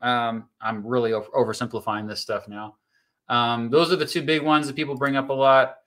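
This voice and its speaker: A YouTube host reading live chat explains court rulings in a relaxed, chatty way, with frequent fillers and restarts as he reads viewer comments. His mid-range voice is steady and a bit bright, at a moderate pace.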